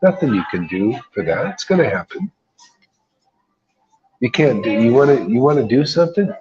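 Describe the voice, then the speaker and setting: A man preaching in a loose, street-talk way, pressing each point hard and tossing in "man" between lines. The sound is dull and lo-fi, with clear music running underneath. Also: mid-range voice, sing-song, moderate pace. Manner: emphatic, colloquial, keeps saying "man". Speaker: spiritual teacher. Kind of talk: informal devotional talk.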